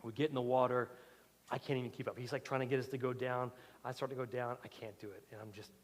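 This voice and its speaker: A man's voice: medium pitch, quick pace. Male pastor preaching in a reverberant hall. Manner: animated storytelling, swinging loud and soft. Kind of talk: sermon. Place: church sanctuary. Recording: church hall with long reverb.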